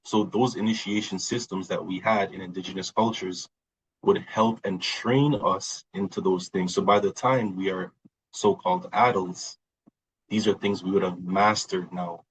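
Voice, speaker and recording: A man's voice: low voice, fairly even intonation, moderate pace, a little hiss or hum, poor audio. A man talking as a podcast guest in a reflective, conversational way, often repeating words and acting out quoted reactions. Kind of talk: casual conversational talk.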